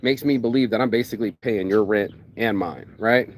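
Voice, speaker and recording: Male vlogger with an animated, profane storytelling delivery, voicing every side of the exchange himself. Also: fairly low pitch, brisk, a little hiss or hum. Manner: animated, acts out both sides of conversations, swears. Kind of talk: casual storytelling rant.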